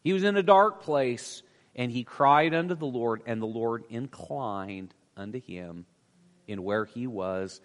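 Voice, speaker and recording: A man preaching an earnest sermon as pastor, swelling louder and then dropping to a hush. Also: medium pitch, a little slow. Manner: earnest, with swells of loudness and hushed drops. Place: church sanctuary. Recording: long church reverb.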